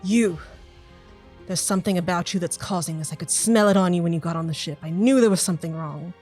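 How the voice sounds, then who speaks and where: A woman voicing a suspicious ship's crewwoman who speaks forcefully and accusingly, with music under her. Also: on the low side, quick pace, close to an everyday voice.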